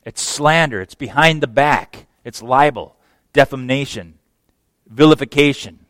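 A man preaching a sermon as pastor, emphatic, swinging from hushed phrases to loud exclamations. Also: medium pitch, unhurried, no echo.

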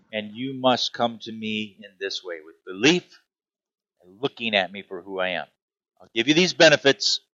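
A man preaching a sermon, animated and emphatic, with repeated punchy phrases. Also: mid-range voice, dry recording, highs cut off. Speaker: pastor.

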